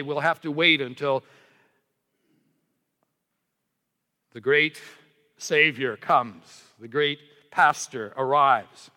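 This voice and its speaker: A man preaching a sermon to his congregation, earnest and emphatic, slowing down on key words. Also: on the high side, pushed and bright. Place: church sanctuary. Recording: reverberant church hall.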